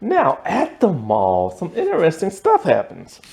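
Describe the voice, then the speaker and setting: Animated young man recapping a sitcom. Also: on the high side, a little slow, creaky. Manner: animated storytelling, lots of fillers, laughs often. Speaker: TV episode reviewer. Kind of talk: casual spoken recap.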